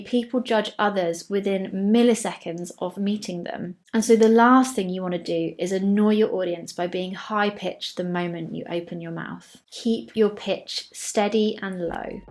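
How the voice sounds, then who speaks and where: Speaking to camera from a script, an Englishwoman offers advice on public speaking in a mid-range voice. She stays clear and measured throughout, easing her pace whenever she reaches a key tip.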